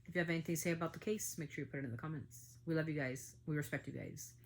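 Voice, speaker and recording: Low-voiced angry woman podcaster. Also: racing, slight background noise. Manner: angry, emphatic, with surges of loudness. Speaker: podcast host. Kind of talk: emotional commentary.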